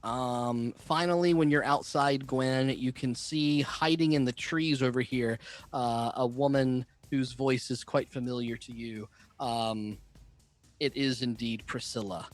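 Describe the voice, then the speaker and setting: A man's voice: medium pitch, steady tone, unhurried, faint music behind. A man running a tabletop game as game master, narrating the action with frequent fillers. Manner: descriptive, filler-heavy narration.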